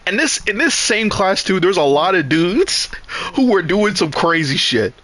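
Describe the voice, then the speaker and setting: Bright-voiced man telling stories on stream. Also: sits high, unhurried. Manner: animated, profane, rambling with restarts. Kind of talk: casual storytelling on a live stream.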